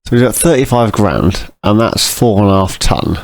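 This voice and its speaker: A man giving casual, rambling commentary over a farming game, often clearing his throat. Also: on the low side, lively intonation, normal speed, no room sound. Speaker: gameplay commentator.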